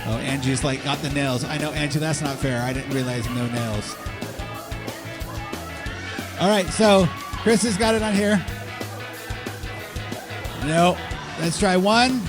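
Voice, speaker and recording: A man hosting a live stage event, calling names and directing a game with energetic, joking instructions. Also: on the high side, slow pace, long pauses, over loud music. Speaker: host. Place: convention stage before a live audience.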